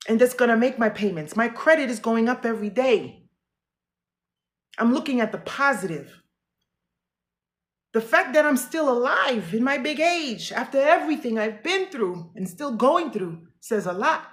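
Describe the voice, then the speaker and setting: A middle-aged woman speaks straight to her camera, coaching herself in a personal pep-talk vlog. Her voice is emotional and earnest. She rises to loud, firm declarations and then drops to hushed, near-whispered lines. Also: a little high. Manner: talks to herself, earnest and self-encouraging. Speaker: vlogger.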